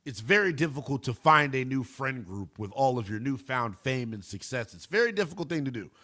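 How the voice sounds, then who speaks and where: A man hosting a call-in sports radio show, talking to listeners in an emphatic, animated way. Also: mid-range voice, fairly quick. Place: radio studio.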